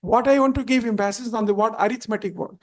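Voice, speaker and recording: Halting, deferential advocate. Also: male voice, high voice, a little mellow. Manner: halting, deferential, constantly repeats "my lords". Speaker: advocate arguing before a judge. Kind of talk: courtroom argument.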